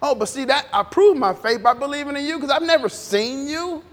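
A man preaching an informal, conversational sermon, animated and repetitive, drawing responses from the congregation. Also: extremely high pitch, a little fast. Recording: long reverb in a church hall.

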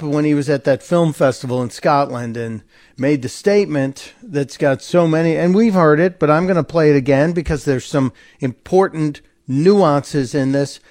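A man's voice: on the high side, moderate pace, a little mellow. A man hosting a talk radio show, giving an opinionated, sarcastic monologue and mocking the people he quotes.

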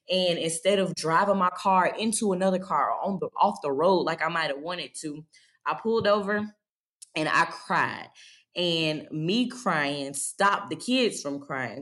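A woman's voice: fairly low pitch, normal speed, a bit bright. A woman in her thirties, a podcast guest, telling her own story in a candid, heartfelt way with frequent fillers. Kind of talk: personal storytelling.

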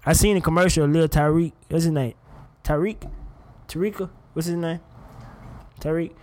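A young man hosting a casual commentary show, animated and profane, laughing often. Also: on the high side, normal speed. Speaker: podcast host.

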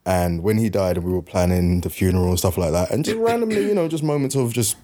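A man's voice: low-pitched, expressive, fast, mellow. A man speaking openly and reflectively in a casual group conversation. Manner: reflective, open about feelings.

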